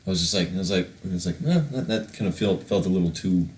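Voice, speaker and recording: A man's voice: low voice, quick pace, darkish tone, distant mic. A man co-hosting a podcast, rambling casually with many restarts. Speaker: podcast co-host. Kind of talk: casual chat. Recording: echoey room.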